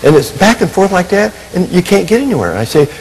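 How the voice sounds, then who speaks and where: Lively-voiced man preaching in a hall. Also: sits high, fast, vocal fry, slight background noise. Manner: animated, self-mocking humor, acts out quotes. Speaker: Christian minister and family counselor. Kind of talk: storytelling sermon.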